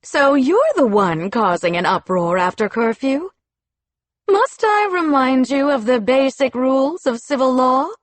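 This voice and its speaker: A venomous, scheming female official, voiced by a woman narrator in a storybook, spitting her words through gritted teeth. She speaks slowly and deliberately, recorded close and dry. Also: high-pitched, big pitch swings, no room sound, voice pushed up. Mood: scornful.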